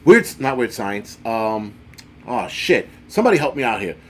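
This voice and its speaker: A man's voice: mid-range voice, big pitch swings. Profane, rambling man hosting a livestream. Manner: profane, rambling, jokey, quick swings in loudness. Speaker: livestream host. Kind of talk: casual livestream chat reading viewer comments.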